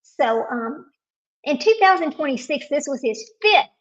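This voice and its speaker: A woman's voice: high-pitched, lively intonation, measured pace, muffled recording. A woman hosting a casual live stream, talking to viewers while searching her computer and getting frustrated.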